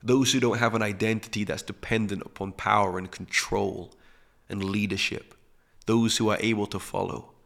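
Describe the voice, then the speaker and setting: Man, low gravelly voice, calm reflective spiritual teacher, soft hushed emphasis. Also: normal speed. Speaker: podcast host.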